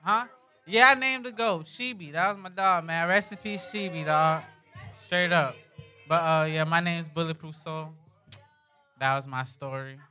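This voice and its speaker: A young man telling a comic story at an open mic, slangy and animated, constantly checking in with the crowd. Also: fairly high pitch, a little slow, soft background music. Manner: slangy, animated, keeps asking "you feel me".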